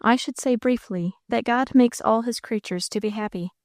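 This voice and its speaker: A woman voicing a calm, kind male minister who speaks quietly, gently and with firm authority. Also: a little high, moderate pace, no room sound, clean studio sound, lightly acted.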